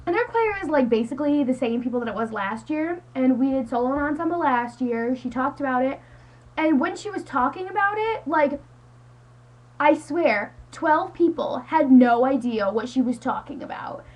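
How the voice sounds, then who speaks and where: A woman's voice: high-pitched, lively intonation, normal speed, a little mellow, rough recording. A teenage girl ranting into her webcam at home, rambling and exasperated, saying "like" constantly. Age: teens. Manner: exasperated, rambling, heavy use of "like". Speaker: high school student vlogger.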